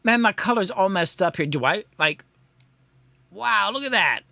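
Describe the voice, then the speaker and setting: A man's voice: sits high, expressive, normal speed, creaky, sharp tone, dry recording. A man hosting a casual live stream from his home mixing studio, thinking aloud and rambling in a self-deprecating way, with lots of ums.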